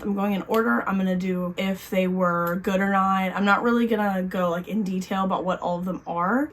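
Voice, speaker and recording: Chatty woman rapid-firing book reviews. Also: mid-range voice. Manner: rapid-fire, chatty, lots of "like". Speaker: book vlogger. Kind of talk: casual chat.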